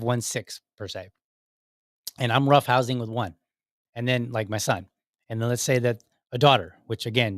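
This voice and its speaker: A man hosts his own show in a loose live-stream chat, rambling and circling back with fillers and restarts. His voice sits at a middle pitch. The recording is dry and close, with no room sound. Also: fairly bright tone, dry recording. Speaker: podcast host. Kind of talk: casual live-stream talk.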